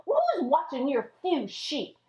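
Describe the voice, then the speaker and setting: A woman voicing a rude older brother who scolds in slow, sneering lines. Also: sits high, wildly swooping pitch, warm tone, heavily acted. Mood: scolding. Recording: echoey room, dull lo-fi audio.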